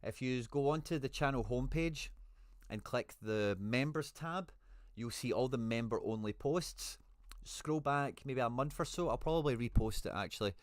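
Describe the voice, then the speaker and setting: A man's voice: medium pitch, moderate pace, few pauses, no room sound, clean studio sound. A man hosting a casual live stream, chatting with viewers and thanking them as he reads out their messages. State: a bit out of breath.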